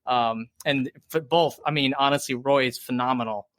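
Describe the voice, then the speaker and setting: A man's voice: medium pitch, normal speed, a bit bright, no echo, studio quality. A man hosting a podcast in casual chat, hesitant with many fillers. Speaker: podcast host.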